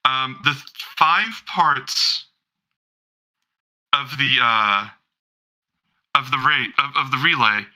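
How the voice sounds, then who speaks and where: A man's voice: mid-range voice, slow, long pauses, bright, forceful tone, rough recording. A man narrating as game master of a tabletop role-playing game, rambling casually with many fillers and the odd swear.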